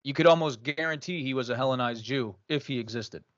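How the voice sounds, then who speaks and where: A mid-pitched man in a casual discussion, chiming in with brief affirmations and the odd comment. His voice comes through muffled, lo-fi audio. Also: brisk.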